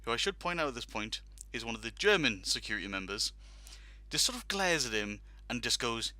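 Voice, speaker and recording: The talk show host's medium-pitched voice swings widely in pitch and moves fairly quickly, sounding pushed and bright on a dry recording. He's casually telling a long, humorous story with laughs and performed quotes.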